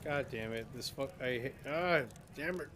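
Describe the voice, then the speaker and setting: A man running a tabletop game as game master, casual and quick to swear at technical glitches. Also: medium pitch, a bit bright, slight background noise.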